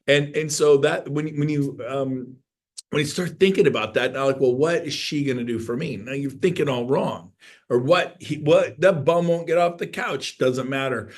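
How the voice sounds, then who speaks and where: A middle-aged man giving an energetic, folksy motivational talk to an audience, now and then breaking into loud outbursts. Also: fairly high pitch, moderate pace. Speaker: motivational speaker.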